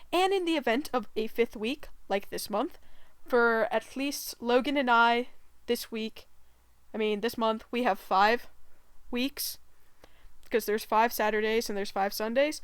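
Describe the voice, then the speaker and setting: A woman with a fairly high, smooth voice tells a story for her gaming channel. She rambles along with plenty of "like" and "um" and keeps breaking into giggles. The sound is dry and close. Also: unhurried, no echo. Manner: giggly, rambling, many fillers. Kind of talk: casual storytime vlog.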